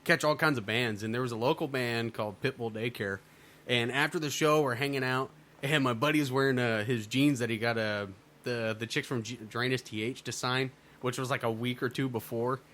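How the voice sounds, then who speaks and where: A man's voice: medium pitch, fairly even intonation, fairly quick, fairly bright tone. A man co-hosting a podcast, telling a story in casual, profane chat and laughing often. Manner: profane, laughing storyteller who acts out quotes. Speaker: podcast co-host.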